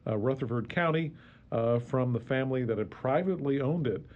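A man's voice: mid-range voice, lively intonation. Guy chatting history on the radio, laughs a lot, lots of uhs, kinda muffled audio. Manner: chuckling, halting with many fillers. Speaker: history guest on a radio show. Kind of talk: casual radio chat.

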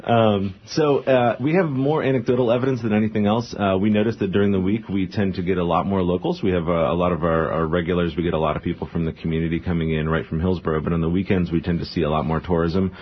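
Fast-talking deep-voiced husky man. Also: steady tone. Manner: fast, filler-heavy, earnest. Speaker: brewery owner, guest. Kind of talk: radio interview. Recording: dull lo-fi radio sound.

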